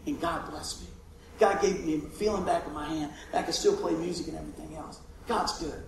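A man preaching a sermon, telling a personal story in a folksy, animated way. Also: a little high, fast talker, gravelly, slight background noise. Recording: echoey room from far off.

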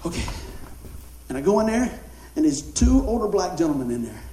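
A male pastor, telling a story in a sermon in an animated, conversational way. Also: high voice, a little fast, slight background noise. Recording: roomy hall echo.

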